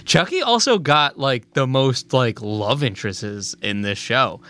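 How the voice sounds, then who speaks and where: A man's voice: mid-range voice, lively intonation, a little slow, a bit bright, slight background noise. A young man co-hosting a podcast, rambling in casual chat with lots of fillers and swearing. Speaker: podcast co-host.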